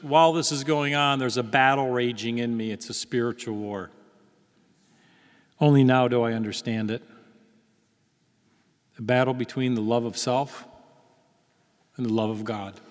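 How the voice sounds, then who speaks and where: Man telling a story in a reverberant hall. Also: medium pitch. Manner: storytelling, acts out dialogue, lively. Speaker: speaker giving a faith testimony. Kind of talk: testimony talk to an audience.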